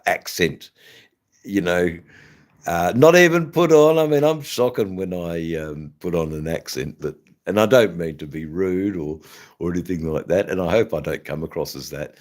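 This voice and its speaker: A man with an Australian accent, hosting a casual livestream chat and rambling with many hesitations and fillers. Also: deep voice. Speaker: channel host.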